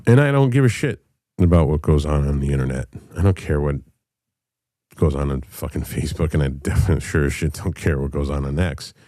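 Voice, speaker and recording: Deep dark-voiced guy in his 30s, cussing a lot, lots of ums, dry close sound. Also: lively intonation, no room sound. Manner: candid and profane, halting with fillers. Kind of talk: personal storytelling.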